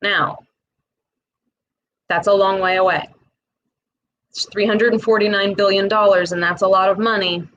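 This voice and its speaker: A woman with a Midwestern accent, talking casually to camera and explaining a small business loan program in a direct, chatty way with quick asides. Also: mid-range voice, steady tone, fairly bright tone, muffled recording. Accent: Midwestern American.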